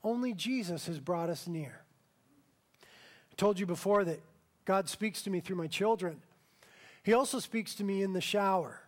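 A man pastor preaching a sermon, telling a story with slow, emphatic swells and quiet, tender passages. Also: high voice.

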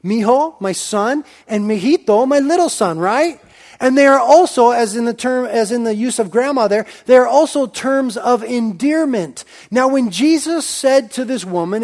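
A man preaching a sermon with a voice pitched higher than most men's. He explains patiently and reflectively. He often drops into a quieter, softer register to make a point. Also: lively intonation, unhurried.

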